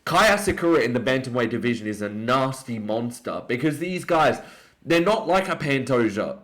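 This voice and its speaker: Young Australian male, casual fight-breakdown commentator, excitable and blunt, medium pitch. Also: moderate pace. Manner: opinionated, excitable, jumps up in pitch on emphasis. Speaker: MMA commentator.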